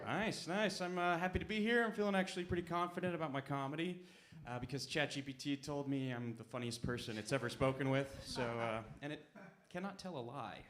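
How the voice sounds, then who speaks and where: A young man performing a stand-up set at a comedy club, with deadpan, self-mocking asides. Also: a little high, fairly quick. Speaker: stand-up comic.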